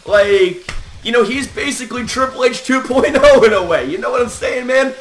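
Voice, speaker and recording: A young man ranting excitedly and profanely about wrestling results, with lots of "like" and "man" as filler. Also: very high-pitched, normal speed, a little hiss or hum. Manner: animated, profane, hyped, repeats "like" and "man". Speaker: wrestling reaction vlogger. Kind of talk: casual excited reaction rant. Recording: echoey room, faint music behind.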